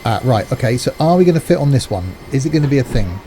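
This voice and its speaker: Mellow-voiced man joking while streaming. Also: mid-range voice, very animated, quick pace, a little hiss or hum. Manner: jokey, teasing banter with chat. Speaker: streamer playing a train simulator. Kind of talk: casual live-stream chat.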